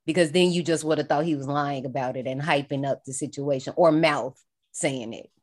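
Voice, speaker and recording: A woman with a deep voice talks a little fast as she co-hosts a podcast, casually recapping a film. She's expressive and laughs a lot, her speech heavy with dialect.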